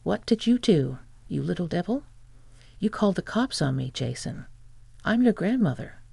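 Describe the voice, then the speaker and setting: A woman's voice: fairly low pitch, sing-song, normal speed, vocal fry, mellow, husky, no room sound, exaggerated voice. A woman voicing a scheming, self-pitying grandmother who talks in an indignant, whiny way.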